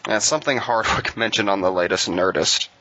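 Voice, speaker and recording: A man's voice: lowish voice, a little fast, pushed and bright, muffled recording. A man co-hosting a casual podcast chat, making dry, wry quips. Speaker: podcast co-host.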